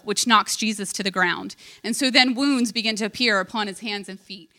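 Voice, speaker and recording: A woman's voice: fairly high pitch, brisk, few pauses, bright, forceful tone. A woman preaching a heartfelt sermon, retelling a story with earnest emotion.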